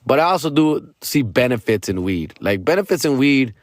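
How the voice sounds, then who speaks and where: A man's voice: mid-range voice, sing-song, moderate pace, no echo, studio quality. A man hosting a comedy podcast, telling rambling, profane stories in a casual chat. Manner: rambling, profane, slangy storytelling.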